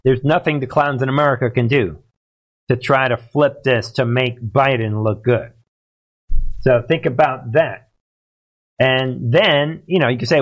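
A man's voice: mid-range voice, moderate pace. A man hosts a political livestream in a loose, rambling way. He leans hard on his points and keeps breaking off to talk to his chat. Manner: rambling, emphatic, talks to chat. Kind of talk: casual livestream commentary.

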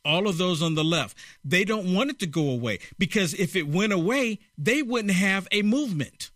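A male talk show host asks pointed, indignant questions and takes calls. His voice sits fairly high, and it is recorded dry and close with no room sound. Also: expressive, moderate pace, a bit bright, dry recording. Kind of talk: political talk radio.

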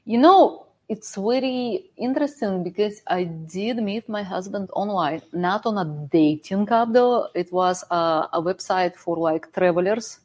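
A woman from Russia with a Russian accent, a guest in a casual chat, speaking hesitantly with fillers and soft laughs. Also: mid-range voice, unhurried, hardly any pauses.

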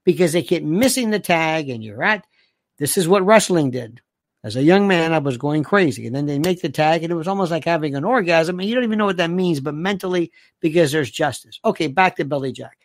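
A man's voice: a little high, lively intonation, brisk, no echo. A man in his sixties rambling through a movie memory, acting out quoted lines as he goes. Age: 60s. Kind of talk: casual storytelling monologue.

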